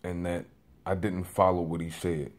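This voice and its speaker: Low-voiced young man with a rambling testimony. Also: flat delivery, moderate pace. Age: 20s. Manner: rambling, with many fillers and restarts; says he is a loud talker working on voice control. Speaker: vlogger. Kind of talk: personal testimony.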